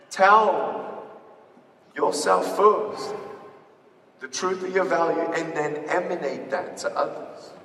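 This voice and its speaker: A man giving a live motivational speech to an audience, animated and quizzing the crowd with call-and-response questions. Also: sits high. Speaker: motivational speaker. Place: large hall with an audience. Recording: echoey hall recorded from far off.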